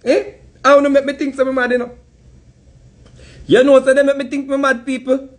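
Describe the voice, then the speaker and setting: High-voiced Jamaican man ranting. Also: flat delivery, brisk. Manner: heated, mocking, laughs often. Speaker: commentary host. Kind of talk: casual commentary rant.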